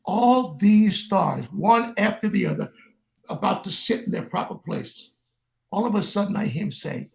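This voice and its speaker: A man's voice: sits high, unhurried, vocal fry. An older man, a guest musician, telling stories in a sit-down interview and acting out the voices of the people in them. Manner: animated, acts out the voices of the people in his stories.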